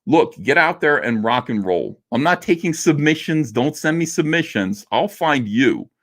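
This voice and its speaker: A man's voice: on the high side, lively intonation, normal speed, fairly bright tone. A middle-aged man hosting a casual livestream, reading viewer messages aloud and answering them in a loose, joking way with many fillers. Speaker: livestream host reading super chats.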